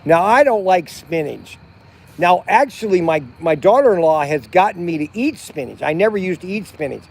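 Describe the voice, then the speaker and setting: Chatty middle-aged man, high voice. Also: expressive, normal speed, creaky. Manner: rambling, chatty, many restarts and fillers. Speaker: vlog host. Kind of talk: casual livestream chat. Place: outdoors at a campground by a fire at night.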